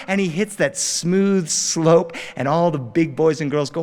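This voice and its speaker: Animated male storyteller with long reverb. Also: a little high, moderate pace, few pauses. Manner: animated, dramatic, jumps into character voices. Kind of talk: live storytelling performance. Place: recording studio.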